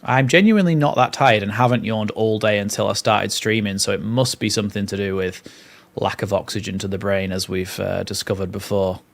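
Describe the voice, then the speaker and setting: A man's voice: on the low side, fairly even intonation, brisk, creaky. A young man hosting a live watchalong, mixing play-by-play with chatty, rambling asides. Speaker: fan channel host.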